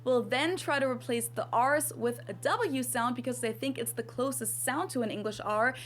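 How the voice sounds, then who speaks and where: A woman's voice: a little high, normal speed, a little hiss or hum. Woman explaining pronunciation. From Germany. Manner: demonstrating sounds clearly. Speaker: language video creator. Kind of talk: scripted explainer.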